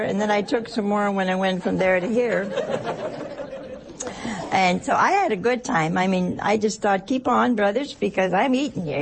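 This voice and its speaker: Gravelly older nun giving a chatty sermon. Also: female voice, a little high. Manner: chatty, asks rhetorical questions, tells anecdotes. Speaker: nun giving a religious talk. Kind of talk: conversational sermon.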